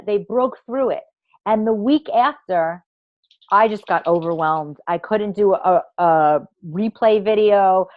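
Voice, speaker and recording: Speaking slowly at medium pitch, a women's coach hosts a live online masterclass for women. She's theatrical and effusive, leaning hard on emphasis and swearing without restraint, while the audio is dull with no echo.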